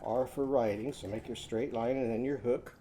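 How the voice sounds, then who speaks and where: A man teaching young children a drawing and phonics lesson, giving slow, patient step-by-step instructions. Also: medium pitch, steady tone, mellow, slight background noise.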